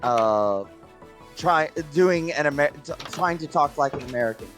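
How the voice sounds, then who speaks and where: Casting: co-player, casual animated storyteller, mid pitch, faint music under. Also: normal speed. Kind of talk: casual gaming chat.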